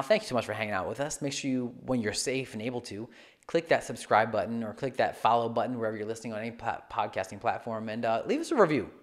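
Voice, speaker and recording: A male fitness coach co-hosting a casual podcast, earnest and encouraging. His voice sits at a middling pitch, and he talks in a relaxed way.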